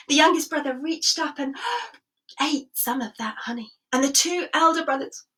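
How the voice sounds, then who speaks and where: A woman's voice: high voice, a bit bright. A woman storyteller telling a sensory story expressively, dropping into whispers and inviting listeners to join in.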